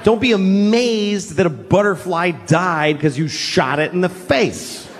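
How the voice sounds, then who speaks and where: A middle-aged man from New York doing a stand-up comedy set, telling stories with sudden high-pitched acted outbursts. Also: measured pace, background noise. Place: comedy stage before a laughing audience.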